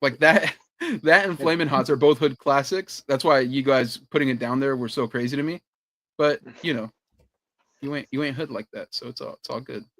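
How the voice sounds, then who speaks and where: A man's voice: medium pitch, normal speed, a bit bright. A man co-hosting a podcast in casual chat, telling stories with laughs and swearing. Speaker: podcast co-host.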